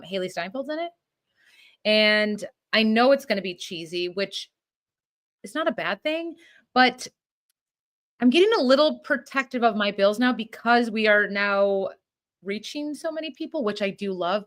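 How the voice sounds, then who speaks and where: A woman's voice: medium pitch, a bit bright. A woman co-hosting a podcast, groaning and sarcastic in casual chat. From Buffalo, New York area. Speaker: podcast co-host.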